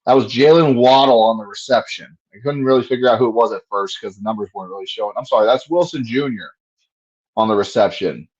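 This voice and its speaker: A man's voice: fairly low pitch, fast talker, darkish tone, husky, dull audio. A man giving casual play-by-play commentary on a fan livestream, profane and frustrated, ranting between plays.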